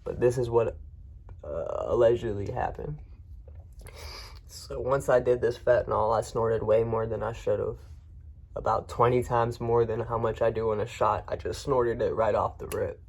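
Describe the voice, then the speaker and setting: A man's voice: medium pitch, steady tone, moderate pace, vocal fry, slightly rough. A man vlogger telling a personal story in a frank, rambling way with frequent restarts. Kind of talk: casual first-person storytelling.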